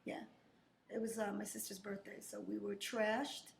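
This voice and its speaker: A woman's voice: medium pitch, little pitch movement, moderate pace, vocal fry, a little hiss or hum. A woman co-hosting a podcast from the back room of a bar, chatting casually and laughing often. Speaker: podcast co-host. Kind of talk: casual chat. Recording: echoey room with faint ambience.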